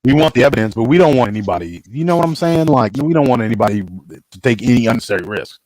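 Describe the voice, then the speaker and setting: A man's voice: mid-range voice, lively intonation, fast, a little mellow, no room sound, poor audio. A man hosting a casual podcast conversation, talking emphatically and often restarting his sentences. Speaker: show host.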